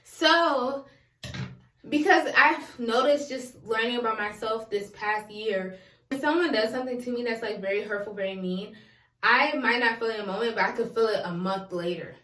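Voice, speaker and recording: Young adult woman, confessional vlog, rambling and repetitive, casual slang, higher voice, echoey room. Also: moderate pace, pushed and bright. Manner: candid and rambling, repeats phrases, casual slang. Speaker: vlogger.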